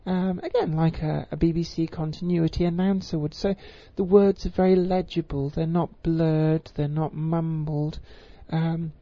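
A woman giving an informal voice tutorial, with crisp, careful enunciation and frequent ums. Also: low voice, fairly even intonation, measured pace, hardly any pauses, no echo. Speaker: voice coach. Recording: slightly muffled lo-fi recording.

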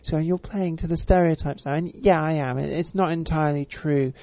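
A voice coach, speaking with deliberately stretched vowels and a careful, refined pronunciation, with frequent fillers. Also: female voice, sits low, fairly even intonation, dark tone, no room sound. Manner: measured, elongated vowels, many fillers. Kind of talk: spoken voice lesson. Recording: dull, dry recording.

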